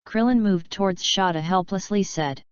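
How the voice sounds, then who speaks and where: A woman narrating an audiobook story in a steady, unhurried way. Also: medium pitch, smooth, dry recording. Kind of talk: audiobook reading. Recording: dull lo-fi audio.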